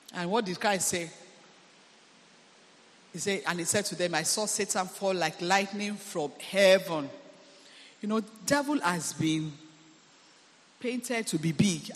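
A man's voice: high voice, lively intonation, unhurried, long pauses, fairly bright tone. A man preaching a sermon as a deliverance minister. He is emphatic, repeats phrases and often calls out hallelujah. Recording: long hall reverb.

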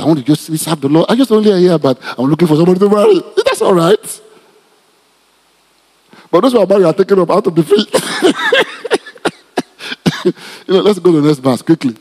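Husky Nigerian pastor in an echoing hall. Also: male voice, a little high. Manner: animated, repetitive, joking asides to the congregation. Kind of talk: teaching sermon, Bible study.

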